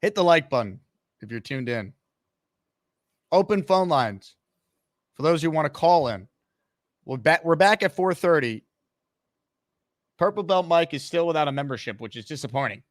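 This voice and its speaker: A man's voice: a little high, animated, normal speed, pauses often, no echo, clean studio sound. A man hosting a live call-in sports talk show, upbeat and hyping callers and promotions. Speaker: show host.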